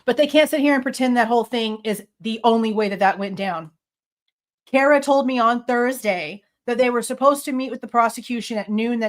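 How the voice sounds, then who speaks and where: A woman hosting a true crime reaction, talking bluntly and scornfully. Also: fairly high pitch. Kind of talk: heated commentary over clips.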